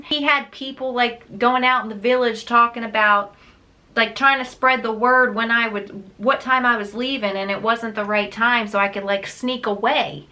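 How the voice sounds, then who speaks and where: A woman book vlogger telling a story in a casual, animated way, laughing often. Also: fairly high pitch, moderate pace. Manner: chatty, animated, laughs often, many fillers.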